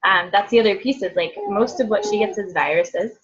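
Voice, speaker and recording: A woman's voice: medium pitch, fairly quick, highs cut off. A woman in her thirties, a therapist, chatting casually and rambling with lots of likes and ums. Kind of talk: casual group chat.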